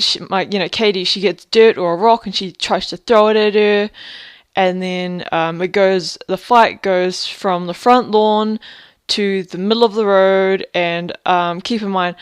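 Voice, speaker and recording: Young woman, 20s, casual vlogger, smooth clear voice, rambling and profane. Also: mid-range voice, dry recording, clean studio sound. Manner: rambling, profane storytelling full of fillers. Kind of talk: casual video diary.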